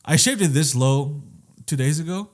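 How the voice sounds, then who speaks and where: A man's voice: fairly high pitch, normal speed, darkish tone. A young man co-hosting a podcast, chatting casually and comedically, swearing freely and rambling with lots of fillers. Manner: laughing, profane, rambling with many fillers. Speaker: podcast co-host.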